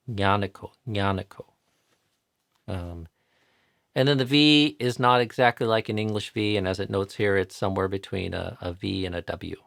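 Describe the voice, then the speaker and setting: An American man teaching chanting pronunciation patiently in a live online tutorial, repeating each sound slowly to demonstrate it. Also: on the low side, gravelly, fairly bright tone, no room sound, clean studio sound. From United States.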